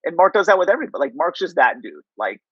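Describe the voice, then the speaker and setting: Man, interview guest, high voice, rambling casual storytelling, dry muffled sound. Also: very animated, rapid-fire, husky, no room sound. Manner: rambling, heavy use of "like" and "you know".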